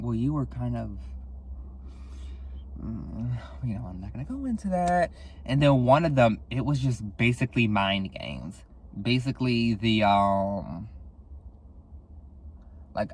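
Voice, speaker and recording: A young man hosting a solo podcast, speaking candidly and casually, swearing a lot, sighing often and jumping up in pitch for dramatic effect. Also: lively intonation, measured pace, pauses often. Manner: candid and profane, with frequent sighs; dramatic, with sudden jumps in pitch. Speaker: podcast host.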